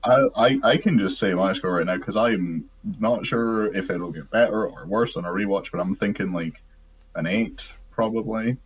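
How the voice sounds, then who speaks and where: A man's voice: on the low side, normal speed, slightly rough. A tired man co-hosting a casual reaction chat, starting his sentences with hesitant stammers. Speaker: co-host reacting to an episode.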